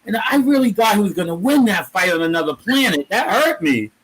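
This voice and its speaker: A man in a casual interview, telling animated stories about comics and his own creations, acting out quotes as he goes. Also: high-pitched, brisk, slightly rough, poor audio. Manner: animated storyteller, exclaims and acts out quotes. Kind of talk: casual conversation.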